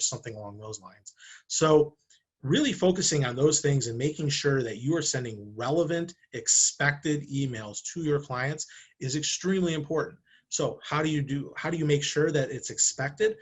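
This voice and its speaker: A man's voice: fairly high pitch, normal speed, husky. A man, a marketing director, talks to camera in a conversational way, asking rhetorical questions and acting out short examples. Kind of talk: talking-head marketing video. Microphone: camera, speaking to camera.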